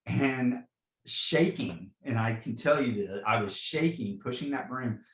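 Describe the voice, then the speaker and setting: A man in his forties, a fire captain, speaks in an expressive mid-range voice, a little slowly, with a fairly bright tone. The sound is reverberant and the recording rough. He earnestly tells personal stories in a podcast interview, often saying "you know" and repeating himself.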